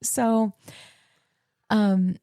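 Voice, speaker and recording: A young woman co-hosting a casual chat, telling a lively, self-deprecating story and acting out her own lines. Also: medium pitch, very slow, clean tone, no room sound, clean studio sound. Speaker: podcast co-host.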